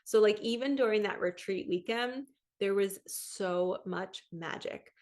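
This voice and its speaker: A woman in her thirties speaks casually to her viewers as a spiritual coach, her pitch sitting in an ordinary middle range. She tells her story in an earnest, chatty way and acts out the voices of the people she quotes. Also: unhurried, darkish tone. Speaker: spiritual coach and psychic medium. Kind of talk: casual monologue to camera.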